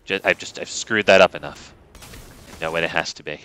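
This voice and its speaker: A man's voice: sits low, a little fast, pushed and bright, clean tone, poor audio. A man streaming a card game, chatting casually with viewers in a joking, sarcastic, rambling way. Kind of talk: casual gameplay commentary.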